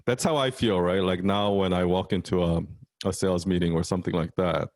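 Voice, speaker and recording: Man, fairly low voice, animated, casual chat, dry close sound. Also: brisk, dry recording. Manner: laughs often, lively and animated. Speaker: guest.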